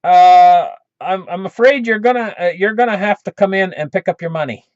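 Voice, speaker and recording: A man's voice: high voice, a little mellow, dry recording, close to an everyday voice. A man doing a stumbling apologetic dealer. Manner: halting, stumbling over fillers. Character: hesitant male silver dealer with excuses. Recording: dull lo-fi recording.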